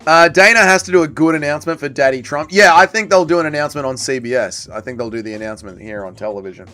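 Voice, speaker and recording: A man's voice: a little high, quick pace, pushed and bright. A man hosting a livestream watch party, chatting casually and joking as he reads viewer comments aloud and answers them. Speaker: livestream host.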